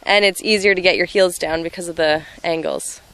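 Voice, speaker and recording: A woman's voice: lowish voice, fairly even intonation, a little fast, fairly bright tone, no echo. A woman from Canada, an event rider, answering interview questions outdoors in a plain, slightly hesitant way.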